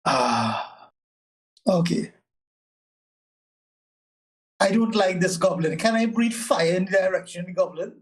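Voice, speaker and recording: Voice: mid-range voice, moderate pace, long pauses, rough recording. Hesitant tabletop game player. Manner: hesitant, repeats words. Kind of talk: casual tabletop game chat.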